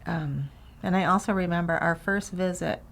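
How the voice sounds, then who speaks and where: Very creaky, low-pitched middle-aged woman. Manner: soft-spoken, hesitant, halting. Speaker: mother of the storyteller. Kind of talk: casual family conversation.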